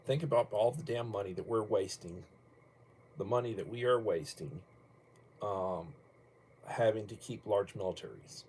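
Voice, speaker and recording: Older man, low voice, rambling livestream chat, blunt and opinionated, faint background noise. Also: moderate pace, pauses often, darkish tone. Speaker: livestream host. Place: at home.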